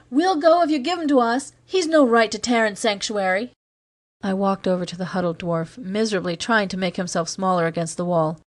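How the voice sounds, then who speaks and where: A woman narrating a science fiction audiobook in a steady, measured reading. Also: fairly low pitch, no echo.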